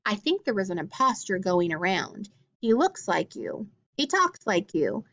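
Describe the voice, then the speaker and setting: A woman's voice: medium pitch, very animated, a little slow, fairly bright tone, highs cut off. A woman voicing a kindly, chatty old village grandmother while reading a storybook aloud. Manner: fussing, chatty, good-natured.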